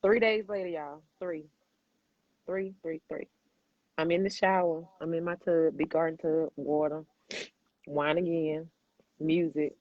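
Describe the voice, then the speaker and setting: A woman's voice: sits low, a little slow, long pauses, dry recording, muffled recording. A woman hosting a podcast, talking candidly and emphatically, swearing freely and calling the listener baby. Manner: addresses listener as baby and boo. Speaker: podcast host.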